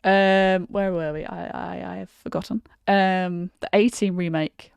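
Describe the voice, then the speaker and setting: A woman's voice: lowish voice, steady tone, unhurried, gravelly, smooth, no echo. A woman hosting a casual chat, giggly and hesitant, full of fillers. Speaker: host.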